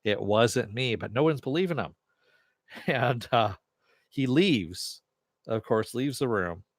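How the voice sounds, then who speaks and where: A man's voice: mid-range voice, big pitch swings, slow pace, no echo, studio quality. A man hosting a casual TV recap and review, chatty with sarcastic asides and the odd swear. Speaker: TV review host.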